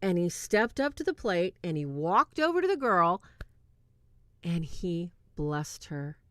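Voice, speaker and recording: A woman's voice: lowish voice, big pitch swings, measured pace, fairly bright tone, dry recording, clean studio sound. A woman hosting a casual livestream movie review, eagerly retelling scenes and checking in with her chat.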